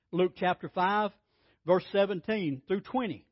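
A man preaching a sermon in a high voice, swinging from loud emphatic bursts to hushed lines as he acts out scripture. The sound is dry and somewhat dull, like a low-fidelity church recording. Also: normal speed, breathy edge, dry recording. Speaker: pastor.

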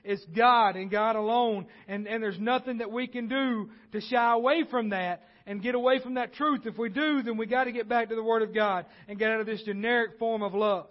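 A man preaching a sermon, repeating key phrases and swinging between loud points and quiet asides. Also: very high voice, fairly quick, few pauses, highs cut off. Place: church.

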